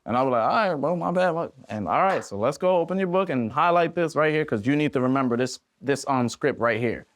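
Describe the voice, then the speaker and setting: Animated young man telling stories. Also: mid-range voice, fairly quick, no room sound, clean studio sound. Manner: animated, slangy, acts out voices in his stories. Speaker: podcast guest, independent musician. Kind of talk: casual storytelling.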